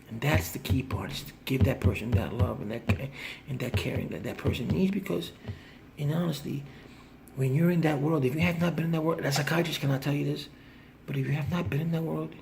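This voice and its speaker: Recovering man with a rough, gravelly voice; heartfelt, repetitive direct-to-camera plea. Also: medium pitch, a little mellow, a little hiss or hum. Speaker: vlogger in addiction recovery. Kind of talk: earnest direct-to-camera appeal.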